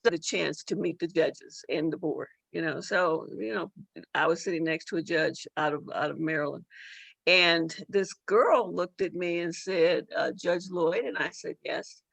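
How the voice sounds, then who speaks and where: A woman's voice: fairly low pitch, normal speed, vocal fry, fairly bright tone, no echo. A middle-aged woman, a judge and author, telling a personal story as an interview guest, emotional and full of repeated words and restarts. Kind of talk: storytelling in a talk-show interview.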